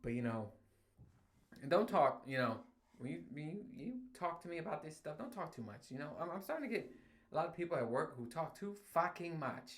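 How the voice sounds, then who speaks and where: A man's voice: on the high side, fairly quick. A young man hosting his own podcast, ranting in casual, profane solo talk that he breaks up with laughs and sudden outbursts. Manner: profane, animated storytelling with frequent laughs. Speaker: podcast host.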